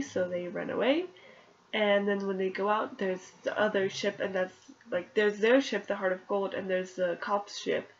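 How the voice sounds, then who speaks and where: A woman's voice: mid-range voice, dull audio, a little hiss or hum. Sick woman casually recapping a book. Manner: chatty, rambling, with fillers and little laughs. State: sick with a runny nose. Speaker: book reviewer recapping chapters. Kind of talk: casual spoken book summary.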